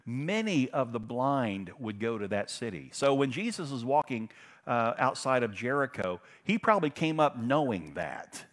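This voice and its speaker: A middle-aged man preaching a sermon, telling stories in a conversational way and swinging from loud emphasis to hushed, intense passages. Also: mid-range voice, big pitch swings, normal speed. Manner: conversational storytelling with fillers. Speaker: pastor.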